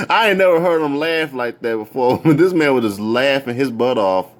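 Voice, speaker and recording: A man in his thirties tells a personal story in loose, casual speech, full of restarts and repeated words. His voice rides up and down over a wide range, jumping high whenever he gets into the story. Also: normal speed. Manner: rambling, repeats words and restarts, jumps into high excited voices when quoting.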